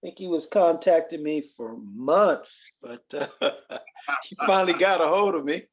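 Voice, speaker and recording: Man, slightly high voice, grateful caller, dull lo-fi line. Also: a little slow, background noise. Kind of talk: casual thanks on a group call.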